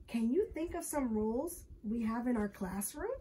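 A woman voicing a kind, patient schoolteacher who explains gently. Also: on the high side, expressive, moderate pace, slight background noise, lightly acted.

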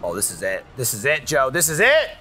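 A man's voice: medium pitch, huge pitch swings, a little fast, sharp tone. A man watching a friend play a video game, teasing, encouraging and laughing along. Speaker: co-commentator. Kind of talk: let's play banter.

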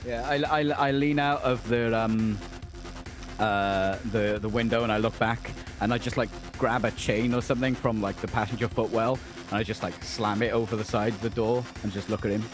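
A man's voice: fairly low pitch, steady tone, normal speed, music in the background. A man playing in a tabletop game, brash and profane. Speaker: player.

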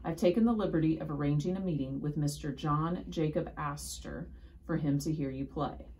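A woman's voice: sits low, normal speed, mellow. A woman reading a storybook aloud, voicing an enthusiastic, kindly male music teacher who chirps with eager encouragement.

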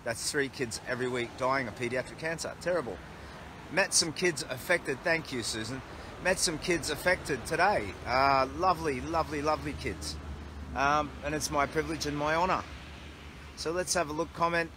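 A man's voice: a little high, normal speed, background noise. An Australian man chatting casually on a livestream outdoors by a road, reading viewer comments aloud in an upbeat way. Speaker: charity walker livestreaming. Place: outdoors by a road, resting against a tree.

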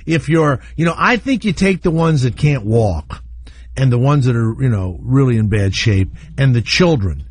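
A man's voice: mid-range voice, animated, moderate pace, slightly rough. A male radio show host talking casually, blunt and opinionated, with a rambling way of speaking.

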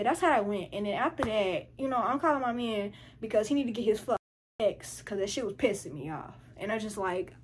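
A teenage girl telling a story in casual chat, animated and full of profanity and slang. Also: fairly high pitch, a little hiss or hum. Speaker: vlogger.

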